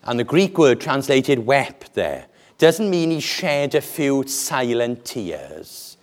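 A male preacher gives a sermon at a slow, measured pace. His pitch swings widely, climbing high on the exclamations and dropping low and quiet on the solemn lines. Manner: animated, deliberate preaching with dramatic pauses.

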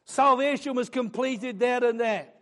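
A man preaching a sermon, building fervently into loud, emphatic declarations. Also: extremely high pitch, a little slow.

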